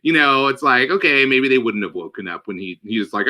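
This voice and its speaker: A man co-hosting a casual movie discussion podcast, lively and playful, acting out lines from the film. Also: mid-range voice, brisk. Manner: animated, acts out lines from the film in put-on voices. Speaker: podcast co-host.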